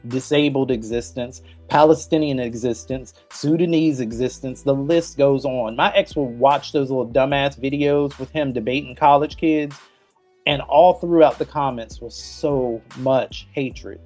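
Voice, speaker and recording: A man's voice: medium pitch, a little mellow. A man hosting a podcast, delivering a blunt, emphatic and profane opinion rant. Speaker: podcast host.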